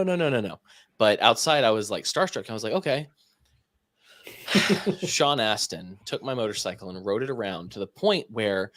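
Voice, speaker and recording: A young man on a podcast casually telling an animated story and acting out the dialogue. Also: on the low side, dry recording, clean studio sound. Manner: animated anecdote teller, acts out quoted dialogue. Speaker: podcast co-host.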